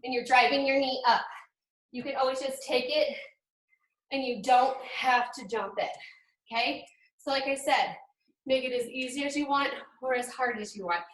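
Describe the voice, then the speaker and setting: A woman's voice: sits high, steady tone, normal speed, fairly bright tone. A woman fitness trainer leading a live home workout, upbeat and counting reps, often out of breath. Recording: echoey room, far from mic.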